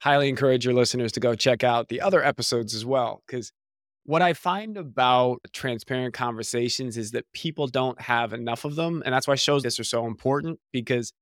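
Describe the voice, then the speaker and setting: A man from New Jersey, a guest who coaches people, telling his story in an animated way and sometimes slipping into mock voices. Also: medium pitch, a little fast, no room sound, clean studio sound. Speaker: podcast guest, career coach. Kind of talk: conversational storytelling.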